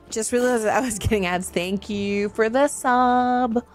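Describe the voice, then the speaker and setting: A woman's voice: a little high, darkish tone. A woman streamer chatting casually while she plays a video game, giggly and chatty as she reads and answers her chat.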